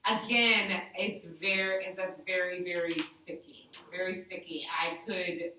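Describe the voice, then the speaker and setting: A woman who works as a sign language interpreter, telling stories to a group in a chatty, animated way with lots of "like". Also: fairly low pitch, unhurried, a little hiss or hum. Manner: animated, chatty, heavy use of "like". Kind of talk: casual storytelling to a group. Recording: echoey room, voice from far off.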